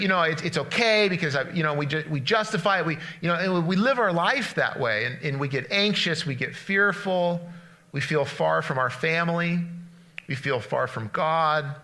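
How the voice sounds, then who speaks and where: Bright-voiced male pastor preaching. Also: on the high side, normal speed. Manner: animated storytelling with frequent restarts. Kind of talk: conversational sermon, retelling a story.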